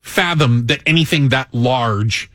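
A man hosting a radio talk show, chatting casually, animated and self-mocking, with frequent restarts. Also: mid-range voice, unhurried, dry recording, studio quality. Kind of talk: casual on-air banter.

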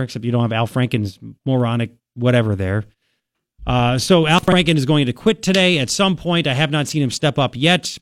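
A man's voice: a little high, fairly bright tone, a little hiss or hum. A man hosting a talk radio show, rambling and opinionated with a sarcastic edge, speaking into a studio microphone. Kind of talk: casual talk radio commentary.

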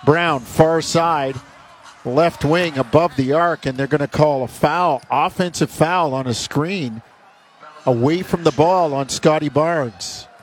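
A man's voice: on the high side, a little hiss or hum. A man calling basketball play-by-play in clipped bursts that rise on made shots. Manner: rapid clipped calls, rising on made shots. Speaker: play-by-play announcer.

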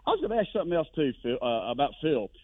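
A man calling in to a sports radio show, telling stories in an animated way with voices for the people he quotes. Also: fairly high pitch, racing, no room sound. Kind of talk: casual storytelling on a phone line. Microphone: telephone. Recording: tinny dry phone line.

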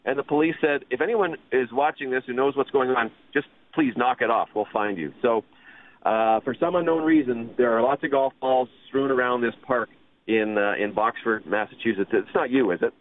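A man in his fifties co-hosting a golf radio show, chatty and quick to laugh. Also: mid-range voice. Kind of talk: casual radio chat. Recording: phone-like radio audio.

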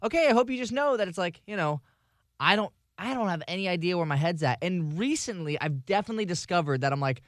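A man co-hosting a radio show, speaking candidly in casual chat, halting as he searches for words. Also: high-pitched, animated, a bit bright, no room sound, studio quality.

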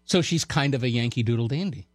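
A man co-hosting talk radio in a studio, with a mid-pitched voice and a wry, teasing way of chiming in. The sound is close and dry, with no room around it. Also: quick pace, no echo. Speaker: radio show co-host. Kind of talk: casual on-air banter.

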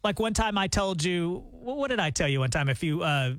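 A man's voice: sits high, expressive, brisk, fairly bright tone, dry recording. A man co-hosting a morning radio show, teasing his partner with wisecracks. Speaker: radio co-host. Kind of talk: casual morning radio banter. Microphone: studio microphone.

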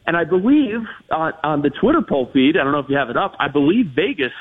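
A man calls in to break down hockey trades and matchups. His voice sits a little high and sounds husky. It comes through a thin, tinny phone line, and he talks in long, hedged runs with plenty of restarts. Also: big pitch swings, fast. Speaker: hockey analyst guest. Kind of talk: radio interview analysis.

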